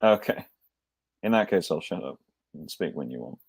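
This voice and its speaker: A man's voice: a bass voice, lively intonation, moderate pace, darkish tone, breathy edge, dry recording, clean studio sound. A man running a tabletop role-playing game, narrating in a rambling, hesitant way with wry asides. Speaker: game master.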